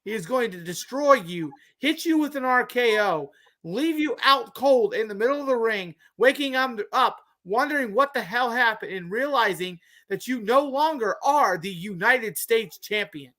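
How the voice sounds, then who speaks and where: A woman's voice: a little high, animated, moderate pace, fairly bright tone. A woman co-hosting a live wrestling podcast, speaking emphatically and laughing often. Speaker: podcast co-host. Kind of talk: casual wrestling chat.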